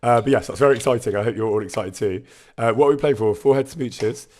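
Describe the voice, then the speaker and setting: A man's voice: mid-range voice, fast talker, darkish tone. A man chatting casually on a live stream, reading out viewer messages and laughing often.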